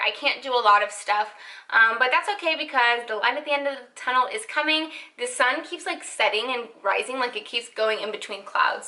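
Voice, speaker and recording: Chatty young woman, bright voice. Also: fairly high pitch, poor audio. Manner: chatty and candid, full of "like" fillers. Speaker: vlogger. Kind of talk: casual chat.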